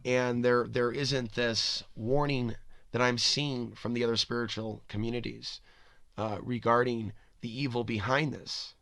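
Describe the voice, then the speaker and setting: A man's voice: mid-range voice, steady tone, measured pace, vocal fry, fairly bright tone, no echo. Rambling male podcast host, dry sound. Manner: rambling, speculative, full of "you know" and restarts. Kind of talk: spoken monologue.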